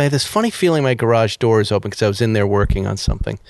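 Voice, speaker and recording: A man's voice: on the low side, fast, no echo, clean studio sound. A man hosting a podcast, telling a casual story with energy and acting out the people and sounds in it. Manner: animated anecdote-telling, acts out dialogue and beeps. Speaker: podcast host.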